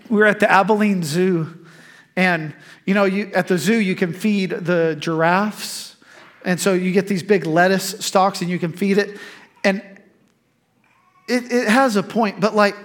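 A man preaching a sermon as pastor, emphatic and animated, breaking into laughing asides. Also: high voice.

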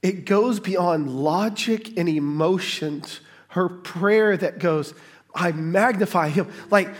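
A middle-aged pastor delivers a sermon to his congregation. His voice sits a little high and his delivery is slow and deliberate. He stays casual and jokey, then rises into excited emphasis. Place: church in front of a congregation.

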